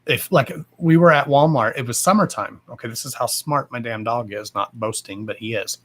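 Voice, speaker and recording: A livestream host with a mid-range voice rants casually at normal speed. He's blunt and fired-up, swearing freely and speaking emphatically.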